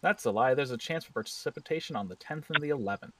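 A man's voice: medium pitch, lively intonation, quick pace, far from the mic, crowd noise. A man running a tabletop role-playing game as game master, narrating scenes in a casual, joking way and correcting himself as he goes.

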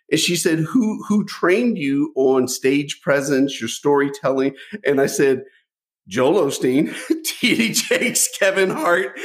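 A middle-aged man telling stories from his life as a podcast guest, animated, often repeating a word as he starts a thought. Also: medium pitch. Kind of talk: storytelling interview.

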